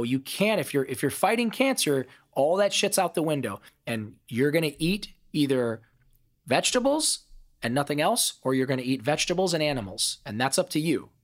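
A middle-aged man from Ohio, a podcast guest telling stories in an emphatic, profane, animated way. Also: mid-range voice. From Ohio, USA. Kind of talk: casual storytelling interview.

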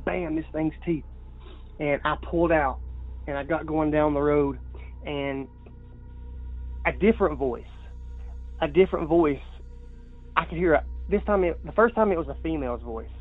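A man on a tinny phone line. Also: fairly high pitch. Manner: halting, repeats words, restarts often. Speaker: caller. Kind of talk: telling a personal story by phone.

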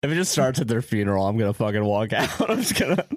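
A man's voice: lowish voice, very animated, fast talker, no room sound, studio quality. A man co-hosting a podcast, reacting to a story with loose, swearing banter and tripping over his words. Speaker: podcast co-host. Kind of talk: casual comedic chat.

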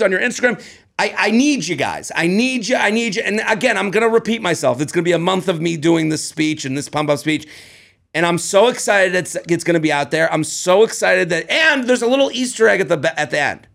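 A man in his thirties, a comedian co-hosting a podcast, chatting in a rambling, excitable way with lots of restarts. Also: high-pitched, a little fast, gravelly. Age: 30s. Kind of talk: casual chat.

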